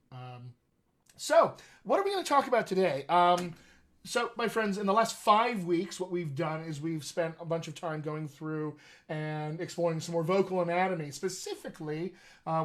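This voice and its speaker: A man's voice: a little high, normal speed, a bit bright. A man who is a dialect coach, hosting a casual, joking livestream over a video call. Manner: chatty, joking, upbeat. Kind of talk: casual livestream talk to viewers.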